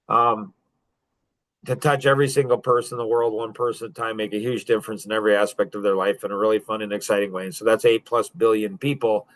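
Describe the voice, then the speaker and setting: A man's voice: lowish voice, little pitch movement, fast talker. A man in his fifties telling stories on a podcast in a casual, joking and boastful way, laughing often. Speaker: podcast guest. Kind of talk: casual storytelling.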